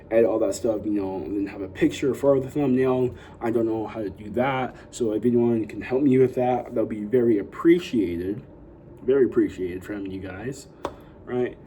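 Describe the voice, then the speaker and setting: Here the recording is low quality, with a little hiss or hum behind a young man's lowish, dark-toned voice. He's a YouTuber chatting casually in a vlog, rambling full of "like" and "you know" fillers and giving his viewers upbeat hype.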